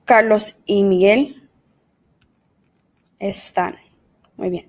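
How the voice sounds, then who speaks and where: Slow and steady, a woman with a medium-pitched, slightly mellow voice teaches Spanish online, speaking in English. Her explanations are patient and step-by-step, dotted with Spanish words and conjugations, and she often refers to the class as "guys."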